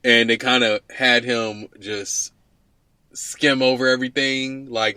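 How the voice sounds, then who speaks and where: A man walks through a movie's plot in relaxed, easy chat. His voice is mid-pitched and recorded close and dry, with no room sound. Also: takes it slowly, clean tone, no echo. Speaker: co-host. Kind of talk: casual movie recap chat.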